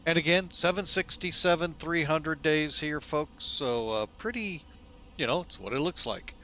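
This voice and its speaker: A man hosting a flight simulator video in a casual, folksy way, relaxed and loose with lots of fillers, often speaking to viewers as folks. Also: fairly high pitch, normal speed. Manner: chatty, folksy, keeps calling viewers "folks". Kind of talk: casual narrated simulator walkthrough.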